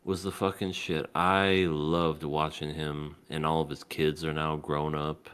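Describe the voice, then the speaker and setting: A man co-hosting a casual podcast chat, animated, often jumping into high mock voices for laughs. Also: a little slow, clean tone. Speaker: podcast co-host.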